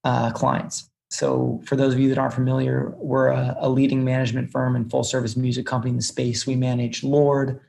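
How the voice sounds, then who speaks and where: A young man, a music business executive, talking casually as a podcast guest and telling animated stories with lots of fillers and restarts. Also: medium pitch, fairly quick, gravelly, few pauses.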